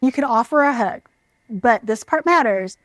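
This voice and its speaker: A woman giving scripted parenting advice in a calm, measured, reassuring way. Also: on the high side, no room sound. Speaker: parenting educator.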